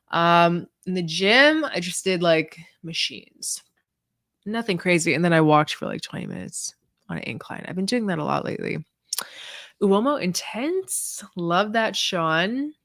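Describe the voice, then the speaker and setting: A woman hosts a laid-back livestream, answering viewer questions one after another. She talks in a loose, rambling way, stacking "like" and "um" as she thinks aloud. Her voice sits a little low and sounds close and dry, with almost no room around it. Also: fairly bright tone, no echo. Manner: chatty, filler-heavy, lots of "like" and "um". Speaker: fragrance reviewer hosting a livestream. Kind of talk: casual livestream Q&A answering chat.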